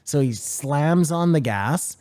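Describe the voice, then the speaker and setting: A man's voice: on the high side, expressive, slow pace, a little mellow. A Canadian man in his forties, a podcast co-host, joking wryly in casual chat. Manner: wry, joking.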